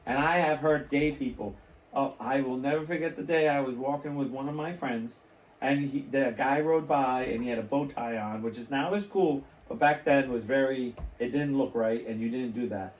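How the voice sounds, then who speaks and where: A man's voice: medium pitch, distant mic. Rambling man telling stories, echoey room. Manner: storytelling, rambling, quick restarts and laughs. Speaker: podcast co-host. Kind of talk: casual chat. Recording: echoey room, away from the mic.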